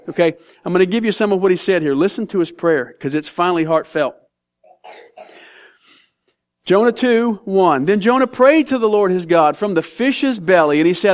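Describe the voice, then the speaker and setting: Male pastor, sermon, animated, jokey, slightly high voice, big dynamic swings. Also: a little fast, hardly any pauses. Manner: animated and joking, with big swings in pitch and volume; reads scripture aloud.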